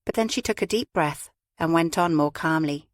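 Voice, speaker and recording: A woman narrating a crime audiobook in a measured, even way. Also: sits low, no room sound, studio quality. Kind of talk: scripted narration.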